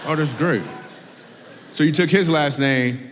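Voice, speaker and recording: A man's voice: fairly high pitch, measured pace, fairly bright tone. A man, a comedian, doing stand-up crowd work on stage, teasing an audience member and laughing often. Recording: live hall with faint ambience.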